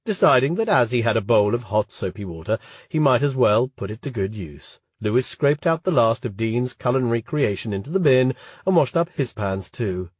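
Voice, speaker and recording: Husky male audiobook narrator. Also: mid-range voice, expressive, moderate pace, no echo. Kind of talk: scripted narration.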